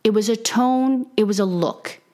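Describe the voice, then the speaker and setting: A woman's voice: mid-range voice, normal speed, darkish tone. A middle-aged mother telling a personal story in a casual monologue, acting out the people in it with big jumps in her voice.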